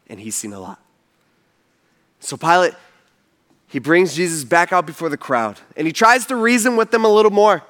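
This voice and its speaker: High-voiced preacher, vivid animated storytelling, casual fillers. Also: male voice. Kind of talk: storytelling sermon.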